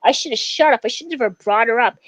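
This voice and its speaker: A woman's voice: a little high, brisk, no echo, poor audio. Woman, livestreamer, heated and profane, lots of fillers, dry close sound. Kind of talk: angry livestream rant at a rival.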